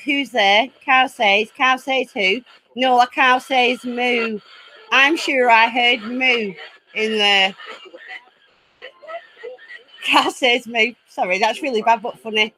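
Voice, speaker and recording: A woman hosting her own paranormal channel from home, chatty and easily excited, laughing often as she talks to her viewers. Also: on the high side, a little hiss or hum, low-quality recording. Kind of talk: casual live chat. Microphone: laptop.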